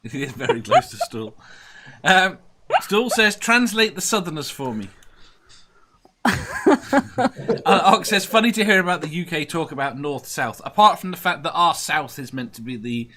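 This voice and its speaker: A man's voice: on the high side, animated, moderate pace, long pauses, background noise. A man hosting a casual chat show who laughs often and reads viewer comments aloud.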